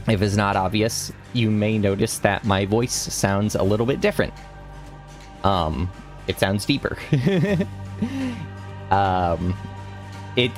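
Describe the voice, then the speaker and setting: A young man chatting casually while streaming a game, rambling with restarts and laughs. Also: fairly low pitch. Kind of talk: casual gaming stream chat. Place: home room.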